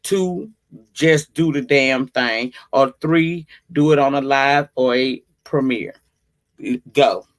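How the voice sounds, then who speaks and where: A woman hosting a casual livestream, greeting viewers by name and chatting in a profane, drawn-out way. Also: rumbling low. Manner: slow, drawn-out delivery. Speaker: livestream host.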